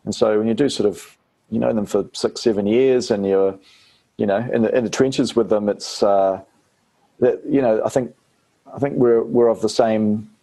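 A man's voice: on the low side, steady tone, normal speed, creaky, dark tone. A man from New Zealand with a New Zealand accent, an actor chatting casually as an interview guest, rambling with fillers and restarts.

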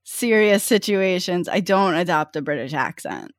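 Young woman podcast co-host, lively swooping voice, dry close sound, laughs often. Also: lowish voice, normal speed, no room sound. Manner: animated storytelling, frequent laughter. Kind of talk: casual chat.

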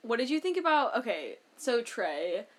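A woman with a slightly high voice chats casually on a podcast. She fills her talk with "like" and laughs often while recapping a show with her co-host. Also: very animated, moderate pace. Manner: chatty, lots of "like", laughs often.

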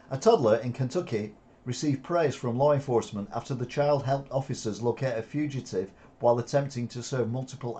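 A man with a mellow, dark-toned voice reads headlines and cuts in with sardonic opinions. He swears freely and chuckles at the absurd stories. It sounds like a casual news commentary vlog. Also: medium pitch.

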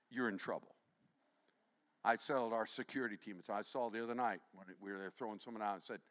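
A man preaching a sermon as pastor, animated and humorous, interrupting himself and swinging from quiet asides to near shouting. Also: fairly low pitch, brisk. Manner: self-interrupting with restarts and humor.

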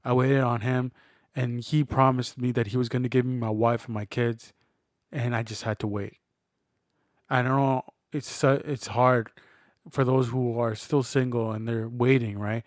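Guy in his 30s, earnest reflective chat, mid pitch, dry close mic. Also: level tone, moderate pace, dry recording. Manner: reflective, earnest, retells conversations in quoted voices. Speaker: podcast co-host. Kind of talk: casual faith conversation.

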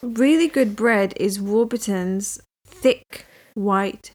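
A woman's voice: medium pitch, takes it slowly, darkish tone. A woman in casual chat, telling stories with eager gasps. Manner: enthusiastic, gasping storyteller.

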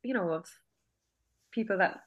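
A woman's voice: medium pitch, moderate pace, narrow, tinny audio. A woman from Cork in her thirties with a Cork Irish accent, a filmmaker chatting at home in a casual interview, talkative, with frequent restarts and fillers. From Cork, Ireland. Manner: chatty, many restarts and fillers, laughs often. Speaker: filmmaker and acting school director.

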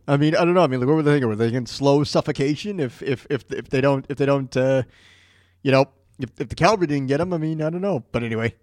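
A man's voice: a little high, fast talker, darkish tone, no room sound, studio quality. A man hosting a podcast, joking along over a narrated story, stammering and restarting as he riffs. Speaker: podcast host. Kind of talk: casual commentary.

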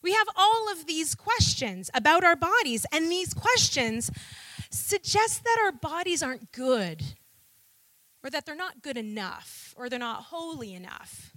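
With a high, bright voice full of lively, animated rises and falls, a woman preaches a sermon at an unhurried pace. She leans on rhetorical questions and call-and-response with the congregation. The recording is close and dry, with no room sound.

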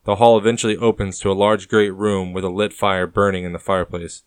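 Man, audiobook narrator, low voice, smooth resonant tone, dry close sound. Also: a little fast, no room sound. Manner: steady descriptive reading.

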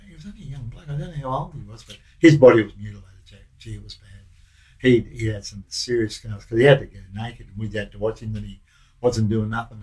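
A man's voice: on the low side, a little mellow, rough recording. An older man with an Australian accent, a former prison officer telling rambling, slang-filled stories in a casual interview. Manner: rambling, anecdotal, with slang and restarts.

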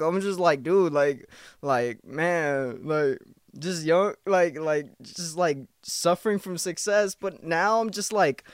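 A young man talks alone into a close mic for his podcast, restless and profane, circling back over his thoughts. He has just come off a night shift and sounds worn out and irritated. His voice sits a bit high for a man, and the sound is dry and close. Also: dry recording. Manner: rambling, profane, restless and agitated. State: tired after a night shift. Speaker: podcast host. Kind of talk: casual solo podcast monologue.

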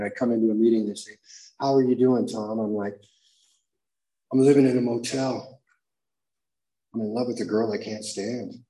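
A man telling his own recovery story at a meeting, slangy and animated, acting out the voices he quotes. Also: lowish voice, roomy sound, rough recording.

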